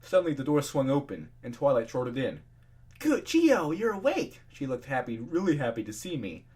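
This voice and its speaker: Here a young man with a medium-pitched, darkish voice reads fan fiction fairly quickly and with lots of animation. His delivery is casual and full of swearing, with profane rants and laughter at the text in between.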